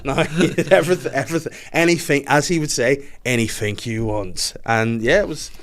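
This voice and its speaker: A man telling a story on a podcast in casual chat, animated and laughing often while he acts out other people's voices. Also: a little high, a little fast.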